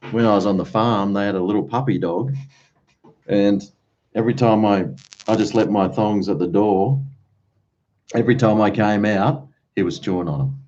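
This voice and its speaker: A man's voice: lowish voice, normal speed, darkish tone. An Australian man hosting a live stream at home, rambling casually to viewers, full of slang and "mate". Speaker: livestream host. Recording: dull lo-fi stream audio.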